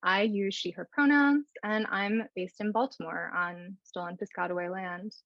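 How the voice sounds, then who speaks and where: Gravelly-voiced woman on a muffled call. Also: medium pitch, moderate pace, no room sound. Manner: earnest, thoughtful, trails off softly. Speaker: organizer, panelist. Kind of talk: panel discussion on a call.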